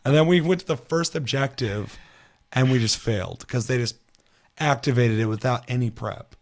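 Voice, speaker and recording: A man chatting casually on a gaming podcast, swearing a lot and telling stories with animated, shouted quotes. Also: mid-range voice, normal speed. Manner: profane, animated storytelling with shouted put-on quotes. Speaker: podcast co-host.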